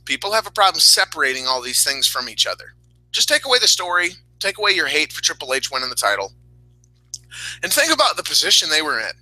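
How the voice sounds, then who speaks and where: A man's voice: on the high side, no echo, low-quality recording. A man hosting a casual wrestling podcast, ranting with heat and frequent swearing. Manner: profane, heated, animated ranting. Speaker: podcast host.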